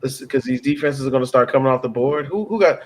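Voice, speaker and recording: A man's voice: medium pitch, fast. A man hosting a casual sports chat, joking around and building hype as he makes his picks. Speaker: host.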